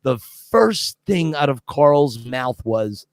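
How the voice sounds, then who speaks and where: A man from Scranton, Pennsylvania, a guest who tells stories excitedly, restarts often and acts out quotes. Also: mid-range voice, takes it slowly, dry recording, clean studio sound. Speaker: guest, Rocky impersonator. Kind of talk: casual storytelling.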